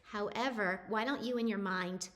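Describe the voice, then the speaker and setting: A woman's voice: mid-range voice, moderate pace, a bit bright, close to an everyday voice. A woman quoting a blunt, practical husband. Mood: matter-of-fact. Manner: blunt, matter-of-fact. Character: exasperated practical husband, adult man.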